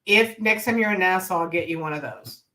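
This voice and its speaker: A woman's voice: fairly low pitch, brisk, bright, forceful tone. A woman co-hosting a casual chat, telling rambling stories with many hesitations. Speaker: podcast co-host.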